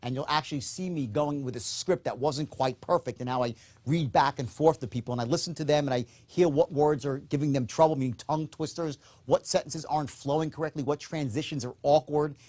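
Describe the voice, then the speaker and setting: A man's voice: a little high, fairly quick, darkish tone. Emphatic man giving a sales lecture. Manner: emphatic, repeats "okay?" to check in; acts out upbeat and dull tones in demonstrations. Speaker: sales trainer. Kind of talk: recorded sales course lecture.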